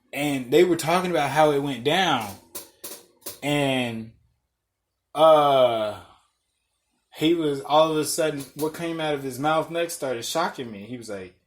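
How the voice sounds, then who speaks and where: Profane man telling a story. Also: mid-range voice. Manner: profane, animated, reenacts dialogue. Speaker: podcast host. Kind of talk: casual storytelling.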